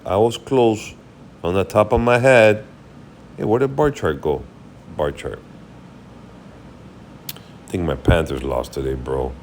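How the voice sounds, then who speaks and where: A tired, yawning market commentary host rambles casually through a market recap, thinking aloud as he checks charts. His voice is low and a little slow, with frequent pauses and slight background noise.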